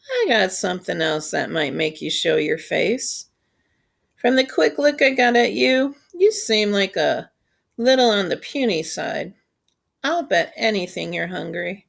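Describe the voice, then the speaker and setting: A woman reading aloud, voicing a friendly grown man who gently coaxes a hungry child out of hiding, slow and patient. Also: medium pitch, expressive, creaky, full character voice. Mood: coaxing. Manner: gentle, coaxing, unhurried.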